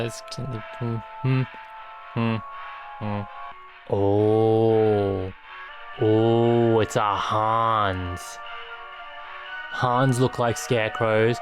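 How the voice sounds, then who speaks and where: A man with an unhurried, drawn-out delivery, commenting on a game and swearing casually. He thinks out loud as he plays. Game music plays clearly behind him. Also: mid-range voice. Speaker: streamer playing a game. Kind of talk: casual let's-play commentary.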